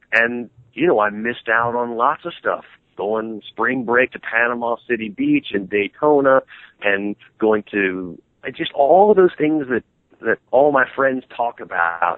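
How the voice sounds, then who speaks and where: A middle-aged man, a guitarist and band member appearing as an interview guest, rambles animatedly in a casual interview with many restarts. His voice is medium-pitched, with no room sound, over a tinny, phone-like line.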